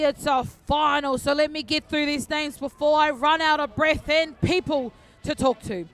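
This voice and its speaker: A woman giving chatty, joking, excitable live commentary on a canoe race outdoors. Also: high voice, normal speed, hardly any pauses.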